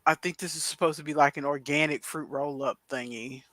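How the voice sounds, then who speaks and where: Woman, middle-aged, bright tone, dry sound, casual rambling chat, video call. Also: sits low, steady tone, fairly quick, no echo. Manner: rambling, chatty, many asides. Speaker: podcast co-host.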